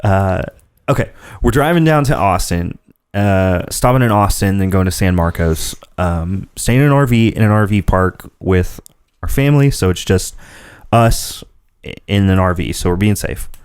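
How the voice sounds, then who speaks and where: A man's voice: deep voice, expressive, normal speed, clear, resonant tone, dry recording, clean studio sound. A man hosting a casual podcast, telling rambling stories and laughing often. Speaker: podcast host. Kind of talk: casual chat.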